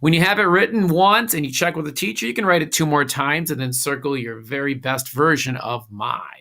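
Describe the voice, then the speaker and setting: Man, teacher, recorded lesson, patient step-by-step instructions, gravelly voice, bright tone. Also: on the high side. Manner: slow, patient instructions with filler "uh"s.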